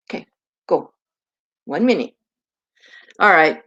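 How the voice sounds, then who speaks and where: Woman, casual live stream chat, rambling, unhurried, dull lo-fi audio. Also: mid-range voice, lively intonation, fairly bright tone. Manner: rambling, chatty, with fillers and baby talk to her dog.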